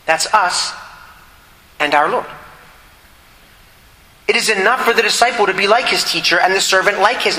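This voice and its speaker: A man's voice: sits high, bright, forceful tone. A man preaching a sermon to a congregation, earnest and emphatic, repeating his key points. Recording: echoey hall with long reverb.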